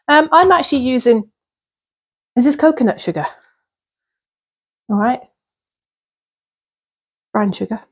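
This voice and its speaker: Chatty woman vlogger, slightly husky, casual kitchen talk, rambling and easygoing. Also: fairly high pitch. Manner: chatty and rambling, with fillers and small laughs. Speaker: vlogger baking at home. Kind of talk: casual cooking vlog chat. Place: cottage kitchen.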